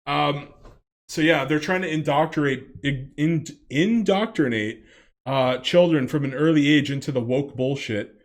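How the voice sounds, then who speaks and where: A man's voice: a little high, a little slow. A man in his late twenties ranting in a reaction commentary, swearing a lot, rambling and laughing often.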